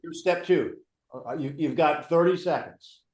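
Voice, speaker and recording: Brief: male real estate coach, slightly higher voice, brisk and directive, echoey room. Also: crowd noise. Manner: brisk, directive, interrupts to steer. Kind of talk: coaching a live training session.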